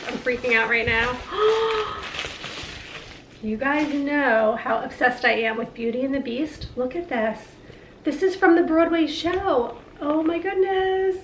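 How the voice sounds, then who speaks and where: A woman's voice: sits high, fairly bright tone, slight background noise. A woman in her forties vlogging casually as she opens gifts, gushing and laughing often. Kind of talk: casual vlog, opening gifts. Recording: echoey room with faint ambience.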